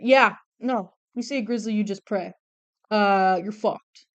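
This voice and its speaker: A young woman chats away casually while drawing on stream, her voice smooth and clean. She gets excitable and swears freely, rambling from one thought to the next. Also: medium pitch, unhurried. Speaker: artist streamer.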